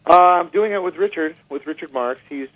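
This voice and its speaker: Animated man telling stories over a phone line. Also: on the high side, a little fast, no echo. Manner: animated storyteller, lots of restarts and asides. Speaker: guest musician. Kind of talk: casual anecdote-telling interview. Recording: dry tinny phone line.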